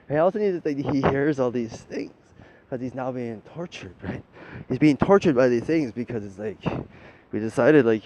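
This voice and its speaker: In a brisk, dark voice, a spiritual talker rambles through his monologue, dropping casual curses and ending many points with "right?" Faint rumble sits under the dull lo-fi audio.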